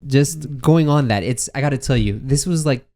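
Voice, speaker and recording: A man raised near Boston, co-hosting a casual podcast over drinks, telling stories in an easygoing, animated way. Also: medium pitch, normal speed. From Boston area, Massachusetts. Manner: easygoing storyteller, animated and laughing. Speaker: podcast co-host.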